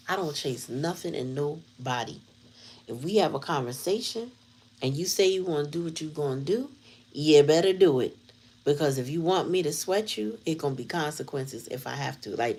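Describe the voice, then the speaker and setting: A woman's voice: low voice, rough recording. A woman hosting her tarot channel, chatting casually and telling a story in a blunt, candid way with plenty of slang. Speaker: tarot reader and channel host. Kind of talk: casual livestream chat.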